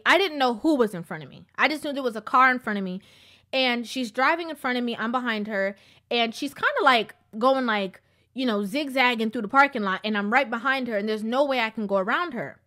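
High-voiced woman preaching through a story. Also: sharp tone. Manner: preachy, repeats herself for emphasis. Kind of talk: casual storytelling commentary.

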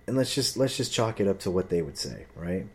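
A man's voice: low-pitched, big pitch swings, brisk, husky. A young man in a casual, profane, heated monologue, telling a story and acting out the voices of the people in it.

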